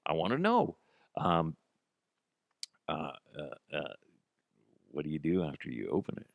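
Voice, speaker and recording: Animated, profane man hosting a comedy podcast. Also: extremely low pitch, a little slow, creaky, dry recording, phone-quality sound. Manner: animated, profane, acts out both sides of a dialogue. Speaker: podcast host. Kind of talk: solo comedy podcast rant.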